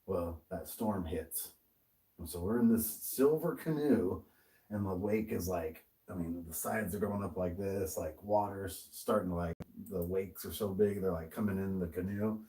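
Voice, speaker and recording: A man's voice: low-pitched, normal speed, dark tone, recorded from a distance, low-quality recording. A man co-hosting a podcast, telling a story in casual chat, swearing often and laughing as he goes. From American. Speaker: podcast co-host.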